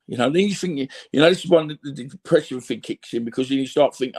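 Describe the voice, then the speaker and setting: A man's voice: fairly high pitch, fast, few pauses, darkish tone. A middle-aged man with a Cockney accent talking candidly as an interview guest, rambling and tagging on "you know what I mean" asides. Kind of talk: candid reflective conversation.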